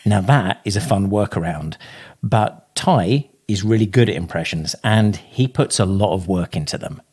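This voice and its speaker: A man's voice: fairly low pitch, lively intonation, normal speed, darkish tone, breathy edge. A man hosting a podcast, narrating between clips and asking friendly, curious questions. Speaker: podcast host.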